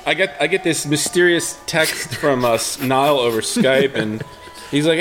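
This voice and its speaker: A young man co-hosting a casual podcast, telling a story with lively quoted voices. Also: a little high, a little slow, over music. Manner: animated storytelling, acts out quoted talk. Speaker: podcast co-host. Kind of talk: casual chat.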